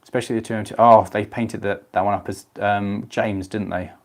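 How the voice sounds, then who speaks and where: A young Englishman hosts a relaxed live stream, chatting easily and answering his viewers by name. His voice sits a little on the low side. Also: a little fast, creaky. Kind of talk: casual live stream chat.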